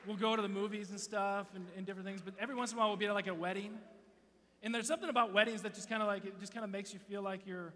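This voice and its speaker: High bright-voiced man preaching. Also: steady tone, rapid-fire. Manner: playful, swings between loud and hushed. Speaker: youth speaker. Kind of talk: sermon. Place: church auditorium. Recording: long hall reverb, faint hum.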